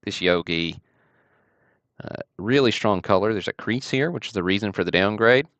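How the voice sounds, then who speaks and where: A man's voice: fairly low pitch, normal speed, fairly bright tone, dry recording. A man from Alabama, casually hosting a card-break livestream with easygoing, chatty commentary.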